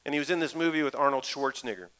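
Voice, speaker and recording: A middle-aged man, a pastor, preaching a lively, conversational sermon full of asides and stories. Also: on the high side, racing, clear, resonant tone, rough recording.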